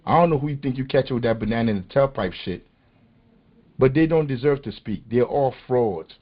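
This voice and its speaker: Over muffled, lo-fi call audio, a man with a mid-range, expressive voice hosts a political podcast at a brisk pace. He speaks with impassioned emphasis in a street-casual style about politics.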